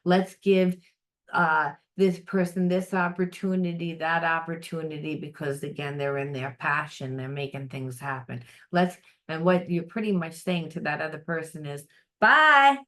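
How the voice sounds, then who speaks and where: A middle-aged woman with a low voice talks through a spiritual reading off the cuff. She is blunt and lively, swears without pause, and slips into quick quoted voices to make her point. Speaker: psychic tarot reader.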